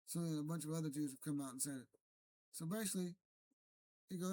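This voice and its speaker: A man's voice: on the high side, little pitch movement, fast, pauses often, warm tone. A man talking alone to camera in an unscripted, argumentative monologue, rambling and correcting himself as he goes. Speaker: streamer. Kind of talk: unscripted solo rant to camera.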